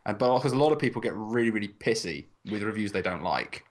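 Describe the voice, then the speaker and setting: A man's voice: on the low side, expressive, fast talker. A man hosting a casual podcast, joking and rambling with the odd swear. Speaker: podcast host.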